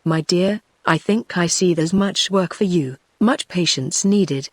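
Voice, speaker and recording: A woman's voice: lowish voice, unhurried, darkish tone, dry recording. A synthetic female voice reading a plain older mother. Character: simple, proud older peasant mother.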